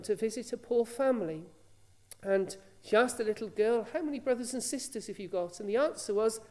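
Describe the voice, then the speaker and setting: A woman's voice: medium pitch, mellow. A woman preaching a sermon, telling a story earnestly and asking rhetorical questions.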